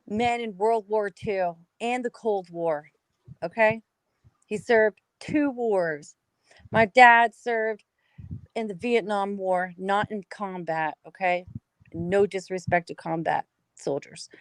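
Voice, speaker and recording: A woman's voice: mid-range voice, takes it slowly, no room sound, rough recording. A woman from the United States, a guest in a heated casual talk, ranting angrily and swearing constantly. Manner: angry, profane ranting.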